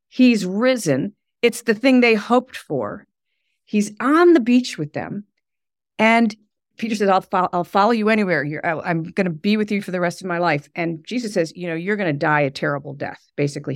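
A middle-aged woman, a podcast guest, telling animated stories and laughing often. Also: on the low side, dry recording, clean studio sound. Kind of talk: conversational interview.

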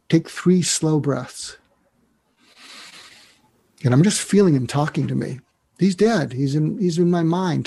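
Gravelly, husky-voiced male psychiatrist explaining. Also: a little high, mellow. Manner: earnest, reflective, walks through steps one by one; emotional when recalling a mentor. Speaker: psychiatrist and author, guest. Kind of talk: explanatory interview talk.

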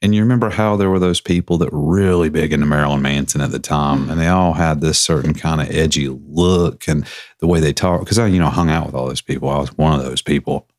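A man's voice: very deep voice, fast, a little mellow, no room sound, clean studio sound. A man co-hosting a podcast in casual, joking banter. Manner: joking, self-mocking banter. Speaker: podcast co-host. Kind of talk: casual chat.

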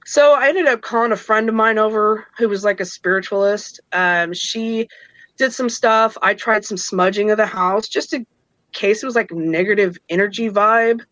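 A woman's voice: mid-range voice, moderate pace, a bit bright, no room sound, rough recording. A woman in her thirties casually telling a personal story, acting out the voices of others and laughing between lines. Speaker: guest telling her own experiences.

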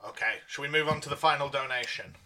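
A man's voice: medium pitch, fast talker, sharp tone. A man co-hosting a podcast in casual chat, playful and fond of spinning comic scenarios. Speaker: podcast co-host.

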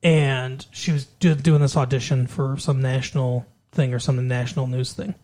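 Podcast cohost just rambling thru a movie plot, doing little character voices, medium pitch. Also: level tone, normal speed, mellow. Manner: retells plot at length, acting out quoted lines. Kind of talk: casual chat recapping a film.

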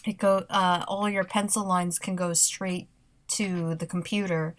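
A woman's voice: lowish voice, steady tone, a little slow. A woman in casual podcast chat, talking hesitantly with many fillers and small laughs.

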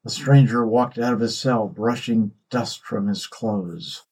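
Slow, husky male storyteller. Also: fairly low pitch, a little mellow, poor audio. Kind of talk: storytelling narration of a myth.

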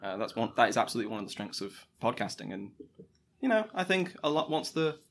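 A man hosting a podcast interview, asking relaxed questions and giving brief agreeing replies. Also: mid-range voice, fast talker, vocal fry. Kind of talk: casual interview conversation. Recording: faint background noise.

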